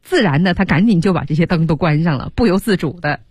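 Radio teacher lady, lowish husky voice, swings up and down a lot, explains stuff animatedly. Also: fast, no room sound, clean studio sound. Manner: animated explaining, drops English words into her talk. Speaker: radio English teacher, host. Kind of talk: bilingual radio lesson. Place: radio studio.

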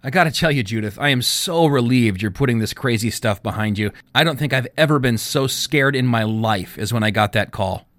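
A man's voice: medium pitch, brisk, hardly any pauses, fairly bright tone, dry recording, lightly acted. A man voicing Trent, an anxious, earnest teenage boy who pleads and worries. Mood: worried.

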